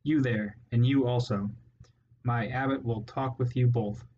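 A man's voice: medium pitch, fairly even intonation, a little slow, mellow, lightly acted. A resolute young male mouse warrior gives curt, firm orders, as a man reading a storybook voices him. His delivery stays level. The audio is dull and lo-fi, with a faint hiss.

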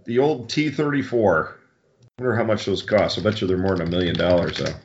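A man with a very low voice chats casually as a podcast co-host. He wanders off on tangents and fixes his own words as he goes. The sound is dull and lo-fi. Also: brisk. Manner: rambling, tangents, self-correcting.

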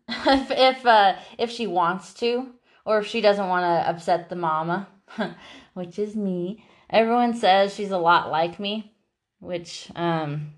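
Woman, low-pitched, casual chat, many restarts, playful, laughs often. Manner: playful, jumps high for quoted voices. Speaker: dog owner. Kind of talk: casual talk about her dogs.

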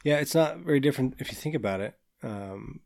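A man's voice: mid-range voice, animated, a little fast, creaky, darkish tone. A man co-hosting a casual podcast, reacting with wry jokes. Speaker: podcast co-host. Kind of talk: casual chat.

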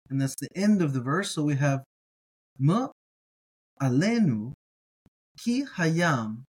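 A middle-aged man with a slightly higher voice gives a word-by-word reading lesson. He sounds out each word slowly and repeats it several times. His manner is relaxed and encouraging, with plenty of ums and uhs. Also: slightly rough, low-quality recording. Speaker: Hebrew teacher.

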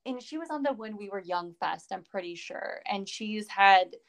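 A woman co-hosting a podcast, talking casually and circling back on herself with lots of "like" and "you know." Her voice has a gravelly, fry-edged texture. Her pitch sits at a mid level for a woman. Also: lively intonation, normal speed. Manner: rambling, many fillers and restarts. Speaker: podcast co-host.

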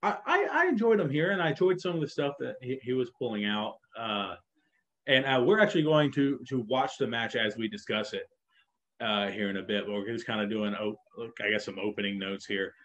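A man's voice: mid-range voice, expressive, fairly quick, fairly bright tone. A man co-hosting a casual chat, talking with enthusiasm and rambling through many restarts. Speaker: podcast co-host. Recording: dull lo-fi sound.

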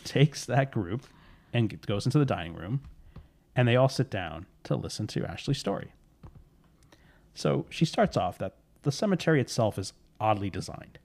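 A man's voice: mid-range voice, expressive, normal speed, creaky, a little mellow. A man telling a spooky story in casual podcast chat, rambling with fillers and correcting himself.

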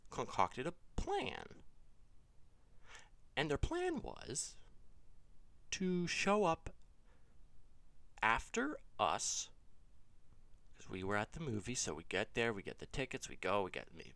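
A man's voice: takes it slowly, creaky, pauses often, no room sound. A man telling a funny story in a loose, swearing, self-interrupting way. His voice leaps up and down as he gets exasperated. The recording is dry and close, with no room sound. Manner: rambling, profane, self-correcting; animated, jumps to high exasperated pitch. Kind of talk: casual comedic storytelling.

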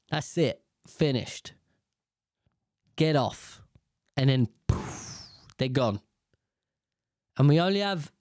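A British man rants to camera in a loose, swearing, opinionated monologue. His pitch swings widely as he talks, and the sound is dry and close with almost no room around it. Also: darkish tone, no echo. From United Kingdom. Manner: profane, rambling, opinionated. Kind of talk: casual ranting monologue.

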